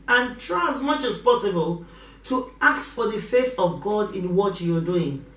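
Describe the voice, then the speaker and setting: A middle-aged woman preaches a fervent sermon, hammering her points home through repetition. Her voice carries a roomy echo and sits back from the mic, with a pitch that is neither high nor low. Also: far from the mic. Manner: impassioned, repeats exhortations. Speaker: pastor.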